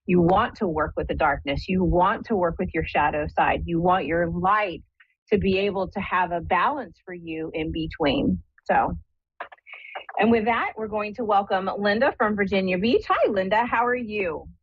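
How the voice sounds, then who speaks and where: A woman's voice: mid-range voice, lively intonation, normal speed, husky, no room sound. A woman hosting a live call-in psychic show, chatty and upbeat, talking straight to her listeners. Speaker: medium and show host. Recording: dull dry lo-fi sound.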